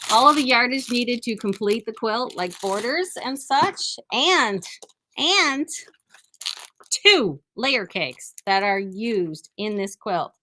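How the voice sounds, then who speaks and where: A chatty woman with a mid-range voice hosts a relaxed product showcase from a quilt shop. She talks warmly and eagerly, trips over her words and starts sentences again, and gushes over each item. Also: mid-range voice, slight background noise. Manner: chatty and enthusiastic, with frequent restarts. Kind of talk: casual live product showcase.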